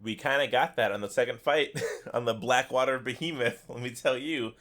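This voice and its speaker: A man co-hosting a casual gaming podcast, talking excitedly and laughing often, on a headset mic. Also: mid-range voice, moderate pace. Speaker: podcast co-host.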